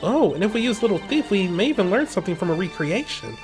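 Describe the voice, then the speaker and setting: A man's voice: high-pitched, very animated, quick pace, over music, pitched above the performer's own voice. A man voicing a perky young female thief, reading game dialogue in a pleading tone.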